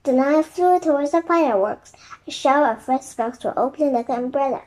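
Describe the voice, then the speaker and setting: A woman reading a children's chapter book aloud in soft, quiet narration. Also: sits high, a little fast, poor audio. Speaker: storybook reader.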